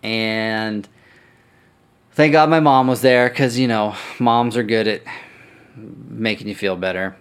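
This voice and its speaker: Lower-voiced man telling a rambling story. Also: fairly even intonation, slow pace, long pauses, clear, resonant tone. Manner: swears freely, rambling and self-correcting. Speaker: podcast host. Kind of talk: casual storytelling.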